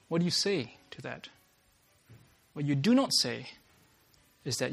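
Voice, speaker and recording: A man's voice: medium pitch, big pitch swings, a little slow, gravelly, fairly bright tone. A man preaching a sermon to a workplace gathering, earnest, often starting lines with "uh" and restating his points.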